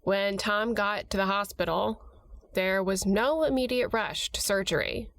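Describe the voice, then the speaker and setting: A woman hosting a podcast, reading scripted narration in a calm, measured way. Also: medium pitch, no room sound.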